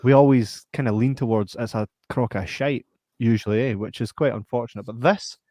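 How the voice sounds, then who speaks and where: A man's voice: mid-range voice, a little fast, dark tone, no room sound. Blunt Scottish man hosting a podcast. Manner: blunt, sweary, chatty. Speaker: podcast host. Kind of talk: casual chat.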